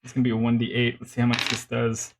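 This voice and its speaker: A man's voice: medium pitch, monotone, quick pace, background noise. A man narrating as game master of a tabletop game, rambling and full of fillers.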